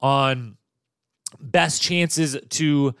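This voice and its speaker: Chatty male podcast host with a smooth voice. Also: medium pitch, drawn-out words, a bit bright, no echo, studio quality. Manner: chatty, upbeat, loose with fillers and restarts. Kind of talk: casual TV recap chat.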